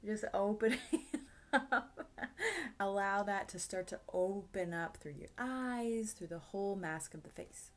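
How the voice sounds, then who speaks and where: A woman acting coach talks you through a vocal warm-up at an easy, encouraging pace. Her pitch sits in a middle range, and she slips in small laughs and relaxed sighs between the instructions. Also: moderate pace, few pauses.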